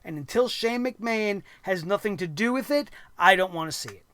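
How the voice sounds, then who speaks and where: A man's voice: high-pitched, lively intonation, moderate pace, a bit bright. A man hosting a wrestling review show, ranting bluntly and sarcastically with plenty of swearing.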